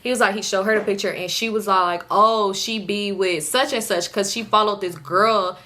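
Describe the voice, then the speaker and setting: A young woman vlogger casually telling viewers a storytime, animated and slangy, indoors at home under a ring light. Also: medium pitch, normal speed.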